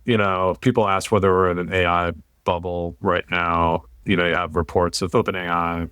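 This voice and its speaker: A man's voice: deep voice, normal speed, clean tone, no echo, clean studio sound. An American man hosting a podcast, talking in a blunt, opinionated way, swearing now and then. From United States. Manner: blunt, swears, animated rants. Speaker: podcast host. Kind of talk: casual opinionated chat.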